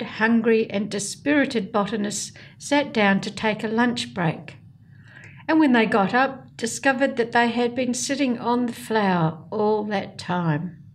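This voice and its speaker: A woman with a fairly high voice hosts a radio reading program. She reads magazine items aloud in a clear, measured way, with a light touch of humor. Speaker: radio program host and reader.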